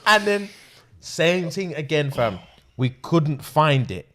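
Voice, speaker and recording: Young guy, lively up-and-down voice, kinda high, slangy storyteller. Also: slow pace. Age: 20s. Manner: animated, heavy slang, often laughing. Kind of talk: casual storytelling.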